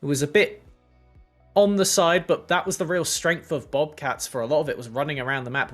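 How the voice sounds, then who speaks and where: A man commentating an esports match, breaking down plays in an analytical, lively way and leading a post-game interview. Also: on the high side. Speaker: esports caster.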